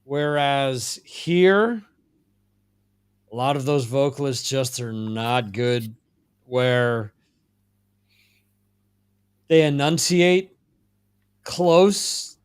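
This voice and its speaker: A man from the United States hosting a casual music chat podcast, relaxed and unhurried, with lots of fillers and restarts. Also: mid-range voice, clear, resonant tone. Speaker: podcast host.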